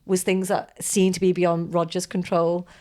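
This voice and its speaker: A woman's voice: lowish voice, flat delivery, moderate pace, dark tone. A woman hosting a podcast, telling a long story in a chatty, rambling way with many asides. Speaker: podcast host. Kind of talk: casual storytelling chat.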